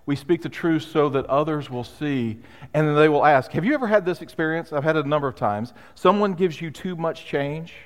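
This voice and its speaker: A male pastor preaching a sermon in a conversational, emphatic way, with pauses for weight. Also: fairly high pitch. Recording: long hall reverb.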